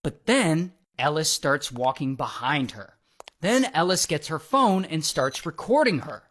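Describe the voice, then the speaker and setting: A man narrating a story in a casual, wry way, with dramatic pauses and amused asides. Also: fairly high pitch, expressive, a bit bright.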